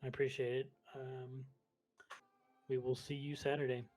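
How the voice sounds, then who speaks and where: A man playing a tabletop horror game, talking in a hesitant way with frequent pauses. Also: mid-range voice, faint music behind. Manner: flat, hesitant, with "um". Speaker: player. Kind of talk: tabletop game role-play.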